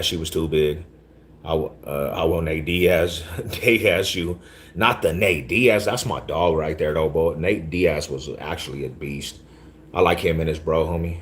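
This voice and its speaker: A man hosting a casual livestream, talking back to his chat in laid-back, slangy street talk, often repeating himself. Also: low-pitched. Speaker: livestream host.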